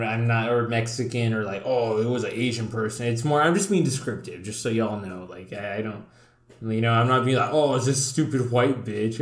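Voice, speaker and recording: Young guy rambling thru a story, swearing a lot, laughing, normal pitch, echoey room. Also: a bit bright. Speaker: podcast co-host. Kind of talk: casual chat. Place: indoor room. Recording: roomy echo.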